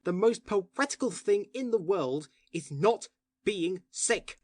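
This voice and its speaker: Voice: mid-range voice, lively intonation, slow pace, no room sound. Someone voicing an impassioned male poet. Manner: impassioned, oratorical arguing. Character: male poet of order, passionate and indignant. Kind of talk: audiobook dialogue reading.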